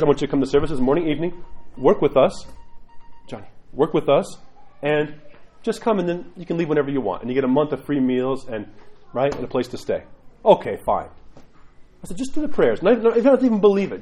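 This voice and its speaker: A middle-aged man giving a lively, conversational church talk, acting out quotes in different voices. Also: medium pitch, slightly rough, poor audio. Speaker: church teacher. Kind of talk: sermon-style class talk.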